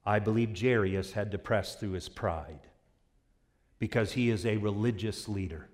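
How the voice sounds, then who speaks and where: A man pastor giving an impassioned, animated sermon with vivid storytelling. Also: fairly low pitch, normal speed.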